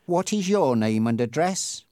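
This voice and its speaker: A man reading the part of a big, red-faced motorcycle policeman who taunts softly and sarcastically, then turns stern and severe. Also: a little high, animated, unhurried, dry recording, clean studio sound. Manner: soft sarcastic taunting that bursts into loud shouting. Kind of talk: audiobook character reading.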